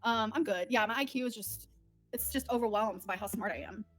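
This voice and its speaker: Faint music sits behind a woman hosting a home livestream, where she chats candidly, emotionally and with plenty of rambling. Her voice is a little high and her pace a little fast.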